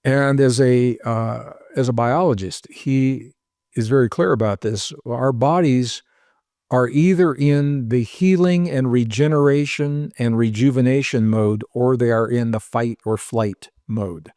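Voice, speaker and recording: A man's voice: mid-range voice, unhurried, darkish tone, dry recording, studio quality. A man who is the guest on a podcast interview, explaining ideas in an earnest, step-by-step way and listing example after example. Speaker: author and researcher guest.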